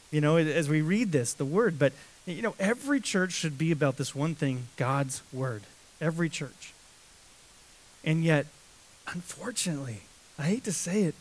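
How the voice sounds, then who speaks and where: A man preaching an expository sermon as pastor, emphatic and repetitive, with many restarts and fillers. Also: on the high side.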